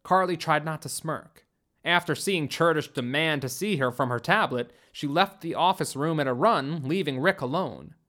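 A man reads a science fiction story aloud as its narrator. His delivery is steady and deliberate. His voice sits a little high for a man.

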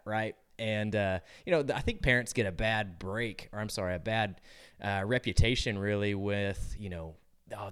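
A man with a low, smooth and clear voice talks through parents' questions as a youth sports coach. His delivery is loose and conversational. He keeps checking in with "you know" and "right?". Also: fairly bright tone. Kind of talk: casual advice talk.

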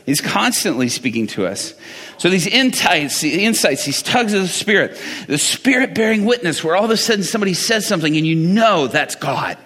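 A man's voice: high-pitched, brisk. A middle-aged man preaching a sermon as a pastor, telling stories in a conversational way and often laughing. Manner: animated, conversational storytelling with laughs. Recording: reverberant hall.

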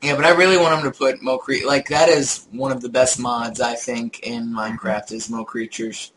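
Young guy with a bright clear voice, laughing and telling game stories, faint hiss behind. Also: mid-range voice, moderate pace, rough recording. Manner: animated storyteller, laughs often. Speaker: podcast co-host. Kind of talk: casual gaming chat.

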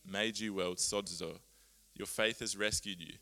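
A man preaching a sermon, earnest and animated, often laughing at himself as he explains Bible words. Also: lowish voice, unhurried.

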